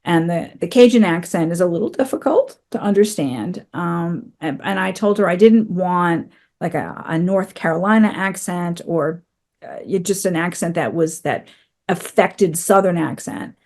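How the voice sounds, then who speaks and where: A woman's voice: lowish voice, moderate pace, darkish tone. A woman in her fifties from New England, a guest author chatting about her novel. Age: 50s. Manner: chatty, with frequent fillers and restarts. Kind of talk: casual interview chat.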